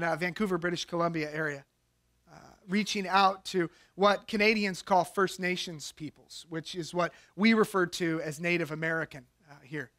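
A middle-aged pastor gives a sermon in a high, light male voice. His tone is conversational, like he's chatting with friends, and it grows lively and animated when he tells anecdotes.

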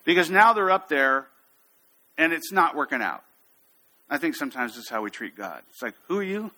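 A man preaching a sermon, telling a story with lively, acted-out quotes. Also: mid-range voice, moderate pace. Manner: storytelling, animated, acts out quotes. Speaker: pastor.

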